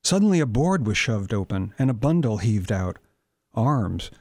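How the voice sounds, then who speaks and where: Man reading his novel aloud, measured. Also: on the low side, very animated, a little mellow, no room sound, clean studio sound. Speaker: author.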